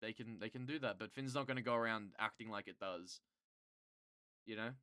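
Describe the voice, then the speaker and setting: A streamer chatting casually with viewers, rambling and swearing, quickly getting worked up and loud. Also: medium pitch, clean tone, no room sound, studio quality. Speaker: streamer answering chat.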